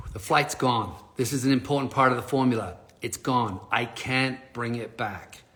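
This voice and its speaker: A man telling a story on a live stream as a motivational speaker, animated, often laughing and swearing casually. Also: mid-range voice, a little slow, background noise.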